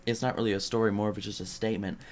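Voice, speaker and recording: A man's voice: lowish voice, fairly even intonation, very fast, slight background noise. A young man cracking dry, offhand jokes on a casual home podcast. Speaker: podcast co-host. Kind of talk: casual chat. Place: home desk.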